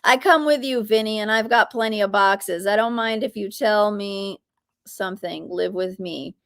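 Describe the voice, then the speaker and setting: A woman's voice: medium pitch, moderate pace. A woman hosting a casual live Q&A, reading viewer comments aloud and chatting freely. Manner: chatty, reads viewer comments aloud, coos at her bird. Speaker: livestream host.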